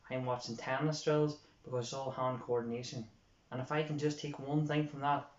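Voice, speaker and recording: Earnest Irish man in a roomy room. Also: medium pitch. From Ireland. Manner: earnest, repeats phrases for emphasis. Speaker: youth sports coach. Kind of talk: informal coaching talk. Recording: roomy, dull lo-fi sound.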